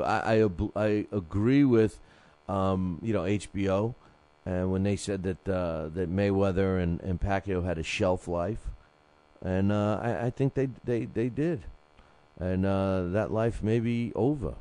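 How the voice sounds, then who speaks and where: A man with a low, dark, mellow voice hosts a solo boxing show. He rambles casually, stumbling through fillers and restarts while he reads out listener emails. His delivery stays loose and conversational. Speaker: boxing podcast host.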